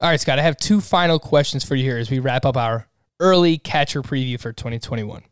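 A man's voice: medium pitch, fairly quick, smooth, no room sound, studio quality. An upbeat, jokey man hosting a fantasy baseball podcast and steering the talk. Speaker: podcast host.

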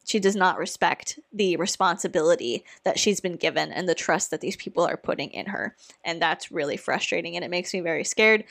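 A young woman hosting a casual commentary video, recapping a documentary in an earnest, emotional way with many fillers and pauses. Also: lowish voice, fairly bright tone. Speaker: YouTube commentary host.

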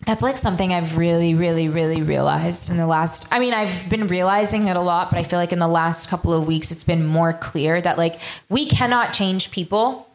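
A woman's voice: lowish voice, fairly quick, few pauses. A woman hosting a live panel conversation, asking questions and reflecting encouragingly on guests' answers. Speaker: podcast host and panel moderator.

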